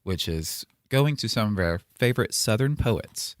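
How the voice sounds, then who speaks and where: A man hosting a podcast in casual chat, excitable and playful, laughing often, on a close studio mic. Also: on the low side, moderate pace, dry recording. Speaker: podcast host.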